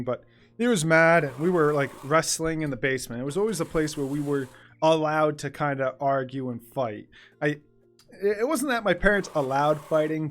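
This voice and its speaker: A young man with a fairly high voice tells a story casually over gameplay, animated and laughing as he goes. His pace swings between rushed and drawn out. Faint game music plays behind him. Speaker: gaming YouTuber.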